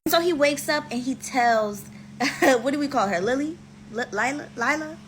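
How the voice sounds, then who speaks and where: A woman's voice: sits high, animated, normal speed, slight background noise, poor audio. Chatty woman telling a casual story. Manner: chatty, informal, says "y'all". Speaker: storyteller and author.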